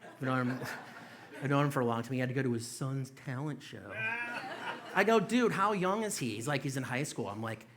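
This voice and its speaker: A man's voice: medium pitch, a little fast, pauses often, background noise. A young man doing a stand-up set in a small comedy club, telling loose, profane stories with mocking quoted voices.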